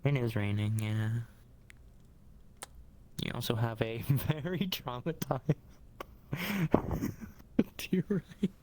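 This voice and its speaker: A man's voice: mid-range voice, slow pace, long pauses, darkish tone, a little hiss or hum. A man in a roleplay stream, tossing out laughing, teasing remarks in casual banter.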